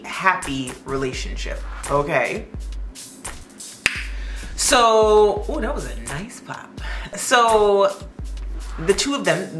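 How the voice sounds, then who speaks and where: A woman's voice: sits low, a bit bright, reverberant. A woman telling a story in a casual, chatty way, with joking asides to her listeners.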